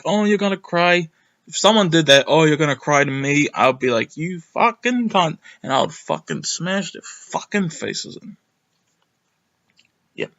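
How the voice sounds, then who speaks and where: Young guy rambling thru a wrestling recap, kinda high bright voice, gets hyped and swears a bit. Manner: rambling, excitable, sweary, lots of ums. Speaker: wrestling reviewer. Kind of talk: casual recap monologue.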